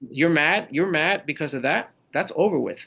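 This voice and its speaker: A middle-aged man with a gravelly edge to his voice, talking as a podcast guest. He tells his stories with energy and slips into the voices of the people he quotes, keeping it casual and conversational. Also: fairly high pitch, normal speed. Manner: animated storytelling, acts out quoted people. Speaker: podcast guest, leadership speaker. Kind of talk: casual interview talk.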